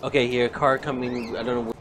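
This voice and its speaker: A man playing a shooter game with a friend, chatting casually and making quick callouts. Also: medium pitch, level tone, background noise. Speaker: co-player. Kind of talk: casual gameplay chat. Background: game music.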